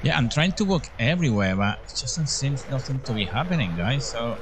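A man's voice: mid-range voice, very animated, a little fast, crowd noise. A man commentating as he plays a horror game, jumpy and full of exclamations, often calling out to his viewers. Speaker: horror game let's-player.

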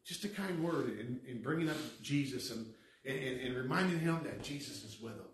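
A man preaching a sermon as pastor, building to emphatic lines and dropping to a hushed tone. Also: mid-range voice, expressive, fairly quick, slight background noise. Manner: preaching with rising emphasis, then softening to a hushed tone. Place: church sanctuary. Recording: echoey hall from far off.

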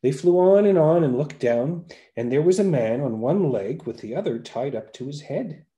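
A man narrating a folktale aloud with a lively, varied storytelling delivery. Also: medium pitch, normal speed, few pauses. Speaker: podcast storyteller.

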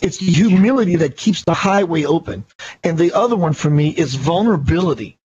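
High-voiced enthusiastic man, lo-fi. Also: expressive, fairly quick, a little mellow, slightly rough. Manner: enthusiastic, preachy. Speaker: radio show host. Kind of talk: spiritual radio talk.

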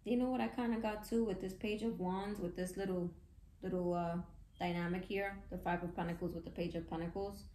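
A woman giving a casual tarot reading, chatty and excitable, with slangy talk and frequent laughs. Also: lowish voice, brisk, roomy sound, slight background noise. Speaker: tarot reader.

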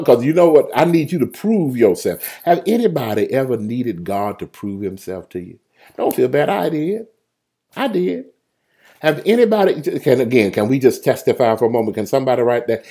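A man's voice: mid-range voice, moderate pace, slightly rough. A man preaching a livestreamed sermon, joking and colloquial, talking straight to his viewers by name. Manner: lively, joking, colloquial storytelling; talks straight to listeners by name.

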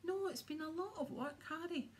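A woman voicing a vain, smooth-talking male wizard teacher in a storybook reading, pompous and condescending. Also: extremely high pitch, moderate pace, a little hiss or hum, pitched above the performer's own voice. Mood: smug.

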